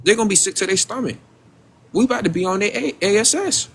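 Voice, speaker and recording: This livestream host has a high, expressive voice and talks fast, with a little hiss or hum in the background. The stream is casual; he addresses his audience directly, asks rhetorical questions, and stumbles on repeated words while searching for what to say.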